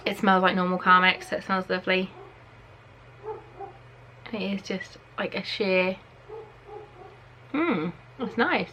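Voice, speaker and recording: An excitable young Englishwoman from Norfolk talks through a beauty box at home, gushing over each item and reading the packaging aloud. Her pitch sits mid-range for a woman, with a faint background hum in the room. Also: measured pace, pauses often. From Norfolk, England. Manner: chatty and excitable, reads product blurbs aloud. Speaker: beauty vlogger. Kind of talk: casual unboxing chat. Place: at home, indoors.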